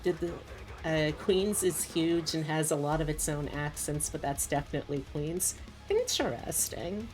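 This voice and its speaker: A woman's voice: low voice, moderate pace, a little mellow, soft background music. A woman VTuber chatting casually while she draws on stream, rambling with lots of asides.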